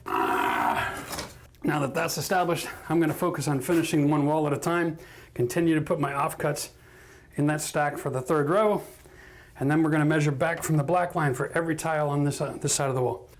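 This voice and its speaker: Chatty DIY man, higher voice. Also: fairly even intonation, brisk, a little hiss or hum. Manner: chatty, self-mocking, laughs at his own mistakes. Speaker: DIY renovation host. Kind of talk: casual how-to narration. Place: bathroom under renovation.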